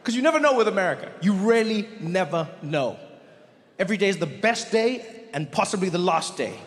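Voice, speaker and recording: A man doing stand-up comedy, an animated storyteller who jumps into voices and repeats words for emphasis. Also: sits high, brisk, slight background noise. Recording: long reverb of a large venue, faint ambience.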